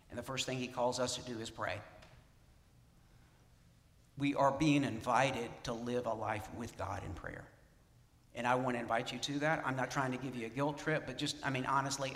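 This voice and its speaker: A pastor delivers an urgent, emphatic sermon, pressing his congregation with pointed questions. His voice is bright and forceful. It rings out with long reverb in a roomy church sanctuary. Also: mid-range voice. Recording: echoey hall reverb.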